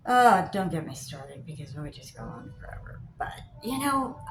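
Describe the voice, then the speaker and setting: An older woman chatting to camera as a vlogger, telling stories in an animated way and acting out both sides of her phone calls. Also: on the low side. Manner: animated storyteller, acts out both sides of calls, gets loud when riled. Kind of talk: casual chat to camera. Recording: echoey room with faint hiss.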